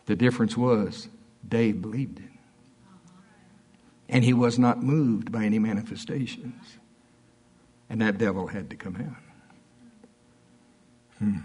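A man preaching a sermon as pastor, telling stories and acting out quotes with big swings in pitch. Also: normal speed, long pauses, breathy edge. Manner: storytelling preacher, swings between high animated quotes and low asides.

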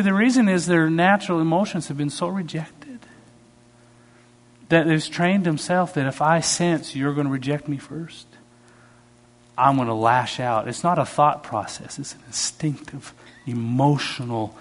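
A man preaching a sermon as a pastor, telling stories with sudden swings in pitch and loudness. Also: unhurried.

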